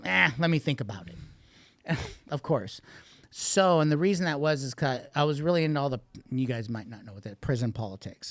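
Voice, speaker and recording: A man's voice: mid-range voice, no echo, clean studio sound. A man guest on a podcast, candidly telling a rambling, profanity-laced story about addiction and recovery. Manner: profane, blunt, rambling with restarts.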